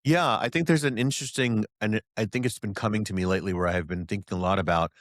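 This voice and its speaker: Talking fast in a voice on the low side, a guest psychic channeler tells stories in a casual interview, animatedly acting out the voices he quotes. It's a clean studio recording with no room sound.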